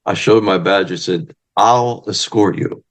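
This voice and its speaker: In a deep voice at a measured pace, a man who manages wrestlers and studies wrestling history tells stories casually during an interview, loudly impersonating the figures he quotes.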